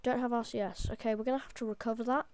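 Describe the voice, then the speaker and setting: A woman hosting a gaming channel, giving excitable, hyper, rambling live gameplay commentary full of restarts. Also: on the high side, racing, a little hiss or hum.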